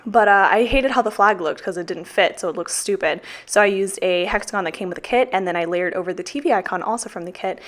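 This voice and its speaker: A woman's voice: medium pitch, quick pace, hardly any pauses. A young woman with a Texan accent talks through a casual voiceover. She is chatty and self-mocking, swears freely, and sounds a little out of breath. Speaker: planner vlogger.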